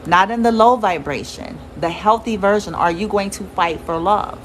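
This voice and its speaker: A woman's voice: mid-range voice, normal speed, slight background noise, poor audio. Blunt, swearing woman reading tarot. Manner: blunt, swears freely, laughs often. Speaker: tarot reader. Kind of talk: casual tarot reading to viewers.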